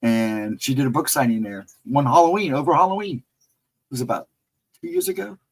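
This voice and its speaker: In a low-quality recording, a very animated man with a medium-pitched, slightly rough voice talks at a moderate pace. Hosting a casual livestream, he tells rambling stories to viewers and chuckles often.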